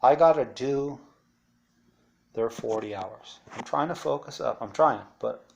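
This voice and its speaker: A man speaks in a loose, rambling monologue, blunt and profane, with frequent asides. His voice has a gravelly edge. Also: medium pitch, unhurried, a little mellow, dull audio, slight background noise. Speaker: interviewee recounting life after incarceration. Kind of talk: casual storytelling monologue.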